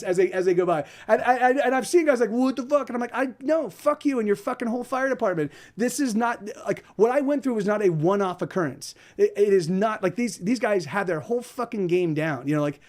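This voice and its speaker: A man's voice: sits high, darkish tone. A man telling an angry, profane story in a rambling way, with many restarts. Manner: quotes others in put-on voices. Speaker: podcast host.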